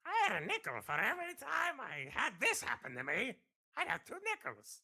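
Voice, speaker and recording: Doctor Doofenshmirtz, high and whiny. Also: male voice, wildly swooping pitch, moderate pace, gravelly, sharp tone, breathy edge, full character voice. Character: scheming middle-aged male cartoon mad scientist.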